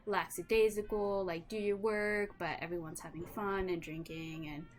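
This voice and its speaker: A woman's voice: lowish voice, steady tone, normal speed. A woman game master narrating a tabletop role-playing scene casually, with many "um" and "like" fillers.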